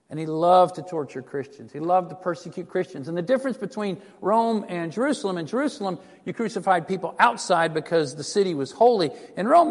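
A man preaches an animated, chatty sermon full of asides, his voice a little higher than most men's. A long reverb hangs on his words, as if he were in a large church sanctuary. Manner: animated, conversational, digressive. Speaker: pastor.

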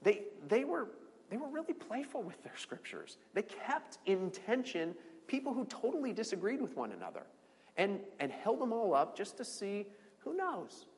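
A man giving an informal Bible teaching to a group, animated and repeating words as he restarts phrases. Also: normal speed, long reverb tail. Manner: animated, restarts phrases, swoops high on emphasis.

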